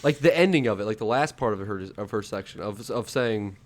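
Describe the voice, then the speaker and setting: A man's voice: on the low side, animated, fairly quick. A young man co-hosting a casual podcast chat, giggling and trailing off as he talks. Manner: giggly, trails off mid-sentence. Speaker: podcast co-host.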